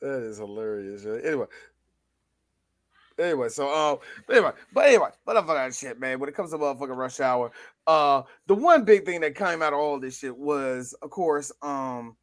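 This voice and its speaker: A man hosting a podcast in casual chat, animated, joking and profane. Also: medium pitch, moderate pace, no echo. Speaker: podcast host.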